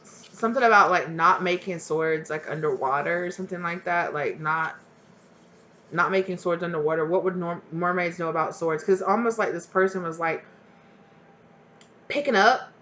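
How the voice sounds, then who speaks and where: A woman's voice: fairly low pitch, normal speed, fairly bright tone, lo-fi sound, a little hiss or hum. A woman giving a casual tarot reading to her viewers, chatty and blunt, swearing freely and rambling as she goes. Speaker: tarot reader.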